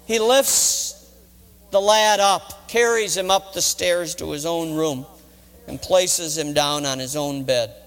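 A man's voice: high voice, a bit bright. A middle-aged man, a college chaplain, retelling a Bible story in a dramatic sermon. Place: college chapel. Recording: reverberant chapel hall.

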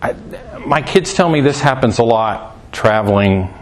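A man giving a conversational Bible teaching, animated, asking rhetorical questions and swinging his voice up for emphasis, with folksy asides. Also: medium pitch, a little slow, slight background noise. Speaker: preacher.

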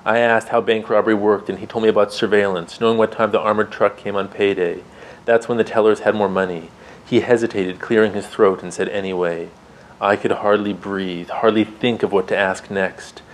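A man who grew up in Canada and the United States, reading aloud from his memoir in a measured, quiet way. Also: lowish voice, level tone, slight background noise, poor audio. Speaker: author.

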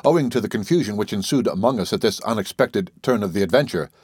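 Low-voiced man reading a sea adventure. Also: expressive, fast talker, darkish tone, breathy edge, no echo, studio quality. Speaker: audiobook reader. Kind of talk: scripted narration.

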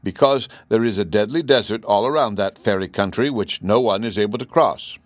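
A frightened, sleepy servant gnome answers his king in a meek, low-key voice, as a man reading the story puts him on. It is a dry, close storybook reading. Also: fairly quick, no room sound, lightly acted. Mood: weary. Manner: meek, plain replies. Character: timid, weary male gnome steward. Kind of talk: audiobook character reading.

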